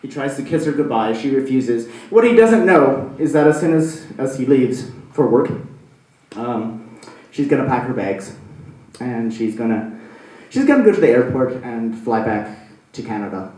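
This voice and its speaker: A man doing stand-up, telling a story in a rambling, animated way with plenty of fillers. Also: mid-range voice, normal speed. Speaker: stand-up comedian. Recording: echoey room from a distant mic.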